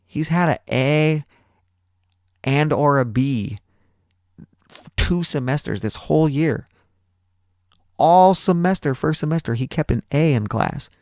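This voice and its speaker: A man's voice: fairly high pitch, animated, takes it slowly, pauses often, darkish tone, no room sound, clean studio sound, voice pushed up. A man voicing a woman teacher who defends a top student. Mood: incredulous. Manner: incredulous, defending. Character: adult woman teacher, puzzled, loyal to her student.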